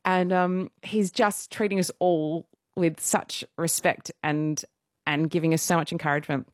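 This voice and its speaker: A woman in her thirties who performs in musical theatre is a guest on a casual radio interview, telling stories in an animated, self-deprecating way and laughing often. Her voice sits fairly low and she speaks at a measured pace. The recording is dry, with clean studio sound.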